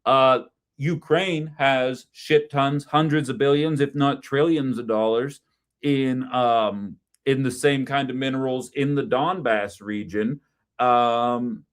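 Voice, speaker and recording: A man's voice: mid-range voice, unhurried. Male host, middle-aged, blunt and sarcastic, casual profane commentary. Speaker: host of a call-in political stream.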